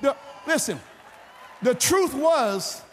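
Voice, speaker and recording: A pastor preaching a fervent, shouting sermon in repeated phrases. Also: male voice, very high-pitched, expressive, slow, some chatter behind, slight background noise. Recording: reverberant church hall with music.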